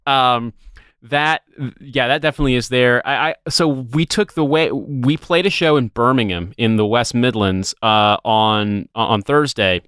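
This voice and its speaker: A man's voice: mid-range voice, measured pace, fairly bright tone, smooth, no room sound, studio quality. A man from the United States co-hosting a podcast, rambling through stories in casual chat and swearing freely. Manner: rambling, swears casually, tries silly voices. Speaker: podcast co-host.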